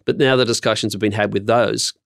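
Gravelly low-voiced man. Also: steady tone, a bit bright, no room sound, clean studio sound. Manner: measured, earnest, with frequent ums. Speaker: podcast guest, industry program leader. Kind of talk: interview answers.

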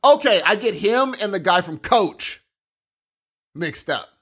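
Excitable man with a lively voice. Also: sits high, slow pace, husky. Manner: animated, excitable, says "dude" a lot. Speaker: podcast co-host. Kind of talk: casual chat.

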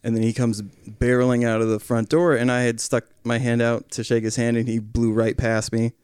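Casting: thirties man, mid-range voice, calm and measured storyteller, dry close mic. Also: medium pitch, clear, resonant tone, no room sound. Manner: calm, measured, quotes others in raised voice. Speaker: podcast guest, father. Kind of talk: casual chat, storytelling.

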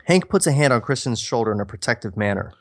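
A man's voice: medium pitch, expressive, fast, dry recording, clean studio sound. Wry man reading his old script. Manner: self-mocking, wry asides. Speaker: podcast co-host. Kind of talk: reading own old screenplay aloud with asides.

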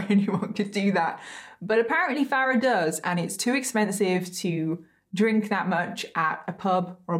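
A woman hosting a true crime show, telling the case in a casual, chatty way, often breaking off into giggles and asides. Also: mid-range voice.

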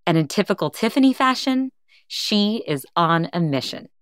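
A woman host narrating the story in a calm, scripted way and asking her guest short questions. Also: medium pitch, moderate pace, clear, resonant tone, no echo, clean studio sound.

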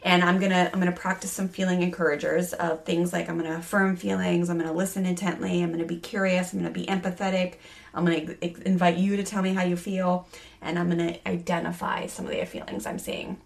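A woman's voice: lowish voice, little pitch movement, quick pace, creaky. A woman hosting a parenting course who laughs often and talks through lists of points with energy. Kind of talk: parenting lesson with role-play.

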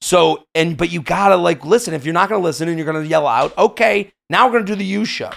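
A man in his thirties, a stand-up comedian as a podcast guest, telling animated stories about hecklers with sudden loud bursts. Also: fairly high pitch, quick pace, gravelly. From United States. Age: 30s. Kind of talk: podcast interview storytelling.

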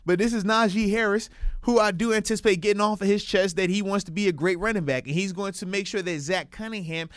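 A man breaks down football matchups with emphatic, hyped energy and a playful, drawn-out delivery. His voice sits a bit high for a man, and the recording is dry and close. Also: a bit bright, dry recording. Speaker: sports podcast co-host. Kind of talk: casual sports talk.

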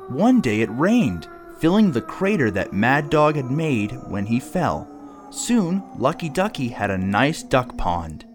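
Slow, expressive male storyteller. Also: mid-range voice, slight background noise. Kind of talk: reading a children's story aloud.

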